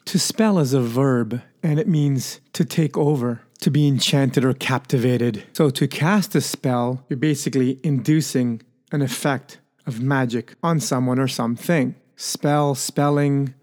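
A man with a mid-pitched voice talks alone on a podcast. He muses in a loose, playful way, coins words on the fly and chuckles at his own ideas. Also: measured pace, hardly any pauses, a little mellow. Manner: playful, musing, coins words and laughs at himself. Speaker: podcast host. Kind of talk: solo podcast monologue.

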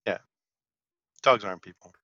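A man in his fifties with a bright, sharp-edged voice chats on a podcast and tells lively anecdotes. The sound is dry and close, with a dull lo-fi mic quality. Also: moderate pace, no echo. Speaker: podcast co-host. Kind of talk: casual podcast chat.

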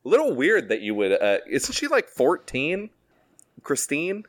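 A man's voice: on the high side, huge pitch swings, measured pace, no room sound. A man co-hosting a podcast in casual chat, rambling and joking at his own expense. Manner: rambling, self-deprecating, joking. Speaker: podcast co-host.

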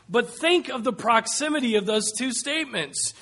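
A man preaching a sermon, slow and emphatic, dropping to a hush and rising to loud calls. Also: sits high, expressive. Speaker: pastor.

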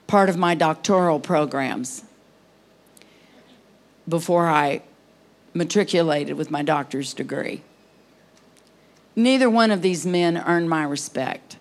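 A woman preaching at a conference service, impassioned, swinging between near-whispers and loud cries. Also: on the low side, vocal fry. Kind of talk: conference sermon.

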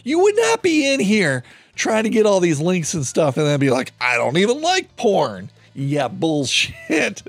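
Animated sarcastic male podcast host. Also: high voice, measured pace, no echo, soft background music. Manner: animated and sarcastic, swears freely; reads out chat logs, acting the lines. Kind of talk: true-crime podcast commentary.

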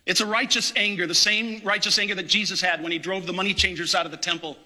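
Fiery, bright-voiced priest preaching. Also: male voice, high voice, fairly even intonation, fast talker. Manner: impassioned, indignant, emphatic. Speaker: parish priest. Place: church.

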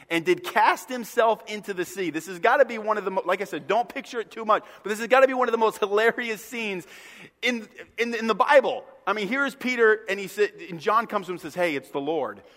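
Man, pastor, humorous sermon, high voice, long hall reverb. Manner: humorous, lively storytelling with voiced asides. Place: church sanctuary.

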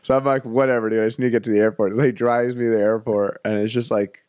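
A man's voice: mid-range voice, flat delivery, fast talker, darkish tone, clean tone, no echo. Rambling man telling a story. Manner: rambling, laughs often, acts out other people's lines. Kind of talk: casual storytelling.

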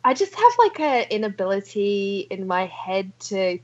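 A woman's voice: mid-range voice, big pitch swings, a little slow, muffled recording. A British woman chatting as a podcast guest, bubbly and full of "like.". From England. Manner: bubbly, fillers like "like". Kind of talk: casual chat.

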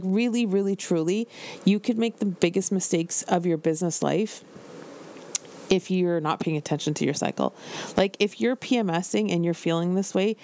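A woman's voice: lowish voice, darkish tone, slight background noise. A woman in her forties hosting a casual solo podcast, candid and chatty with lots of "like" fillers. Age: 40s. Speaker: podcast host and business coach.

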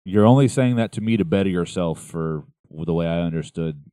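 A man's voice: sits low, a little fast, mellow, dry recording, clean studio sound. A man co-hosting a podcast, joking crudely and laughing often in casual banter. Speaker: podcast co-host.

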